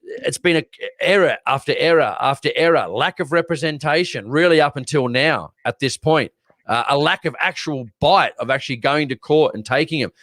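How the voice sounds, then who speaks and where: A man's voice: fairly high pitch, moderate pace, fairly bright tone, no echo. Blunt ranting Australian man, dry close mic. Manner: blunt, ranting, repeats words when worked up. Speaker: podcast co-host. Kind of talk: casual livestream chat.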